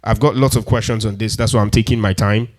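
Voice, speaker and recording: A man with a lowish, fairly even, slightly mellow voice talks fast while hosting a keyboard tutorial. He counts beats aloud and patiently repeats his steps as keyboard sounds play.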